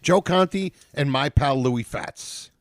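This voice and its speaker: A man's voice: fairly high pitch, slow pace, no room sound. A man co-hosting a casual podcast, rambling through plugs and banter on a studio mic. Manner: lively, rambling plugs with fillers. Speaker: podcast co-host.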